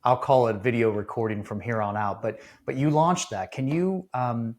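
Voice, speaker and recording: A man hosting his first podcast episode, speaking earnestly and haltingly, with many restarts. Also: medium pitch, darkish tone. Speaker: podcast host. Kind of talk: casual interview talk.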